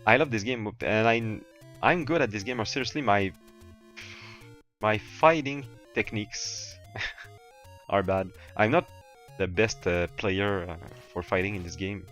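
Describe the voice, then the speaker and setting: A French-speaking man from Quebec with a Québécois French accent, chatting loosely while he plays a game live, with halting starts, fillers and restarts. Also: lowish voice, fairly bright tone. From Quebec, Canada. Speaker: streamer. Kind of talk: casual gaming livestream chat. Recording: faint game music underneath.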